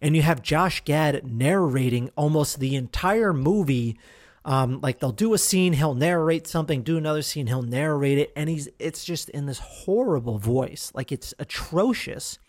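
A man's voice: on the high side, expressive, moderate pace, no echo, studio quality. A man hosting a podcast, reviewing films in casual chat, rambling and swearing with lots of fillers and restarts. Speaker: podcast host.

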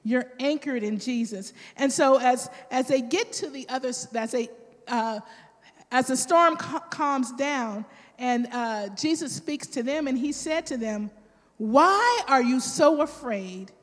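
A woman preaching a sermon, telling a personal story with animated quoted voices. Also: sits high, measured pace, big-room sound.

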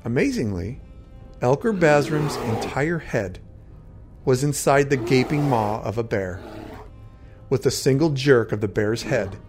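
A man narrating a fantasy adventure in the first person. His voice sits at an ordinary middle pitch, and his delivery is steady and dramatic. Quiet music plays underneath. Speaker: storyteller. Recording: faint background music.

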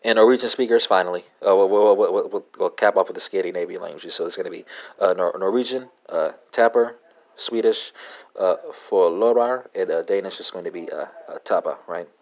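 Man, very low voice, podcast host, halting lesson talk, lots of fillers, spells words out. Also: dull audio. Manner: halting, many uh fillers and tag "right?". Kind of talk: language lesson monologue.

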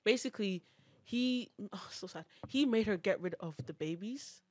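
A woman's voice: medium pitch, expressive, normal speed, no room sound. A young adult woman co-hosting a podcast, chatting casually and rambling with lots of fillers and hedges. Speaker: podcast co-host. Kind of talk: casual chat.

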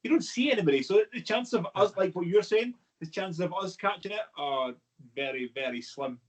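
A man's voice: high voice, a little fast, husky, poor audio. A man chatting casually, swearing now and then. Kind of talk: casual conversation.

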